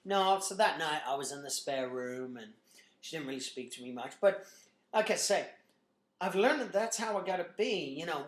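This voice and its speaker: A man in his thirties, a gym owner and trainer, giving a blunt, energetic motivational talk to a group full of "you know" fillers. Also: sits high. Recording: echoey room.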